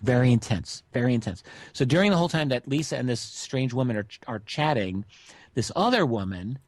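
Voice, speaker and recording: A middle-aged man recounts an odd encounter for a radio interview, relaxed and chatty, pausing on fillers as he goes. His voice sits at a middle pitch and sounds dry and close, with no room around it. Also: no echo. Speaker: guest researcher.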